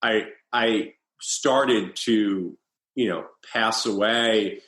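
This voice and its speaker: A man in his thirties speaks as an interview guest, telling his own story in a halting, restarting way. His voice sits fairly low. The recording carries a noticeable roomy echo. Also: fairly bright tone. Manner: halting, with many restarts and fillers. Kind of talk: personal storytelling in conversation.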